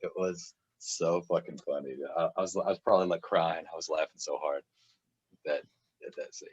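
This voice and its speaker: Man, low voice, rambling laughing storyteller; dry, muffled recording. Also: fairly even intonation, fairly quick, breathy edge, no echo. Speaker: author guest. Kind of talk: casual podcast chat. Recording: dull, dry lo-fi sound.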